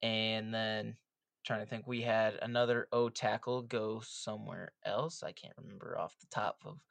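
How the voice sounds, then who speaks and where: A man's voice: on the low side, level tone, normal speed, vocal fry, fairly bright tone, no room sound. A young man co-hosting a casual sports podcast, recapping draft picks with light teasing. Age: young adult. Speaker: podcast co-host.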